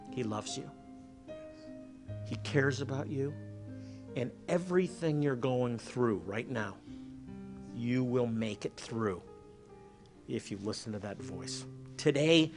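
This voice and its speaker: A man preaching a sermon, telling stories and dropping to a soft hush for emphasis. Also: mid-range voice. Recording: faint music behind.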